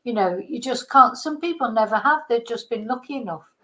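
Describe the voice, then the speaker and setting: A woman's voice: fairly high pitch, lively intonation, fairly quick, sharp tone, low-quality recording. A woman from Britain, a vlogger, delivering an indignant, heated political rant with some swearing.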